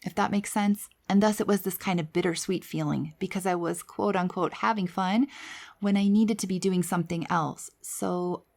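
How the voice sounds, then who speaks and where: A woman hosting a podcast, telling her personal story in a candid, conversational way with quiet asides. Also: fairly low pitch, steady tone, moderate pace, gravelly. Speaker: podcast host.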